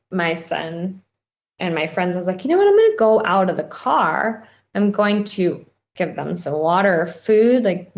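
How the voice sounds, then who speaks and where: A woman guest on a podcast interview, recounting a personal experience in a rambling, halting way with many fillers. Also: medium pitch, lo-fi sound.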